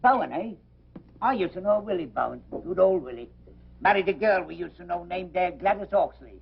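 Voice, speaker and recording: A gravelly old pub landlord. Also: male voice, high voice, animated, a little fast. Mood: chatty. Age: older. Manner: gruff, theatrical indignation. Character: blustering old male pub landlord, cantankerous. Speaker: pub owner. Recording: dull old film soundtrack.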